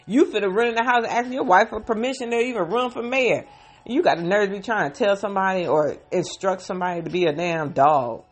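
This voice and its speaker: A woman's voice: medium pitch, a little fast, slightly rough, soft background music. A woman casually recapping a TV episode into a phone, with sighs and heartfelt emotion. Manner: emotional, sighing, heartfelt retelling.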